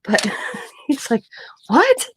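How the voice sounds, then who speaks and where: A woman in middle age talks casually at home, spinning a story and putting on the voices of the people in it. Her voice sits low with a gravelly fry. The sound is close and dry, with no room echo. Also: moderate pace. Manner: chatty storytelling, acting out quoted lines; laughs often mid-sentence. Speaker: craft vlogger. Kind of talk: casual chat.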